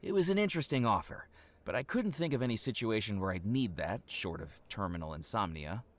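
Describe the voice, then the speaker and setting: Man voicing a dry wry game narrator, lowish voice, lively intonation. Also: brisk, natural voice. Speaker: game character.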